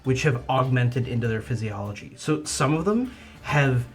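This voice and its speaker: A man narrating as game master of a tabletop game, lively with some halting restarts. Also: mid-range voice.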